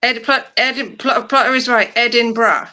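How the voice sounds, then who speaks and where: A woman's voice: fairly high pitch, normal speed, pushed and bright. A woman chatting as co-host on a livestream, joking and lightly exasperated. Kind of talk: casual livestream chat.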